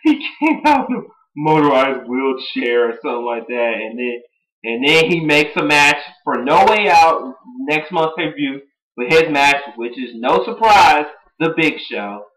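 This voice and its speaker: Young male reviewer, rambling and excitable, slightly high voice, echoey room. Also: unhurried. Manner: rambling, excitable, laughs and mimics quotes. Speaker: wrestling show reviewer. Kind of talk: casual recap monologue.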